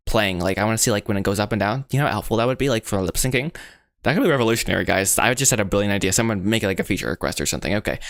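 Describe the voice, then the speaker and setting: A young American man talks through his animation work on a livestream, rambling excitably and poking fun at himself while he sounds out mouth shapes. His voice sits a little low. The sound is dry and close, with no room echo. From United States. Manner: rambling, self-mocking, excitable, says bro and guys a lot.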